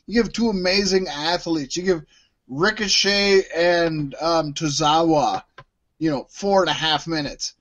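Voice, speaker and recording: High-voiced man chatting slowly. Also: fairly bright tone. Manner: opinionated, swears, restarts sentences. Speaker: podcast co-host. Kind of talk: casual chat.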